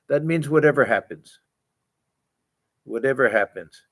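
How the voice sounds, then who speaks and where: An older man with a gravelly, mid-range voice gives a scripture lecture. He talks gently and haltingly, often repeating words as he searches for the next thought. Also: mid-range voice. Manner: gentle, halting, many fillers and restarts. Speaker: swami teaching a scripture class. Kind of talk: spiritual lecture.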